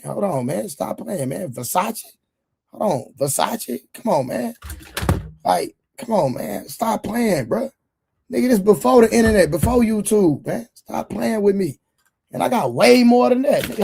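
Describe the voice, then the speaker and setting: A man with a hoarse voice hosting a livestream, chatting loosely with viewers in slangy banter full of repeated fillers. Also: sits high, mellow. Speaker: livestream show host. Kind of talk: casual livestream chat with viewers.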